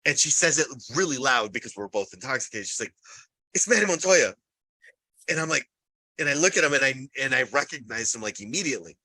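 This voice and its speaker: A man's voice: mid-range voice, lively intonation, quick pace, sharp tone, dry recording, rough recording. A man co-hosting a podcast, telling a rambling story in casual chat, swearing freely and laughing often. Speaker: podcast co-host.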